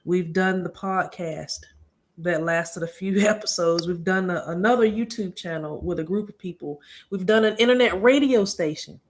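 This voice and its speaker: A woman's voice: fairly low pitch, moderate pace. A woman in her forties hosting a casual group live stream over a video call, earnest and upbeat, speaking in bursts with frequent restarts. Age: 40s. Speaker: channel host of a live stream.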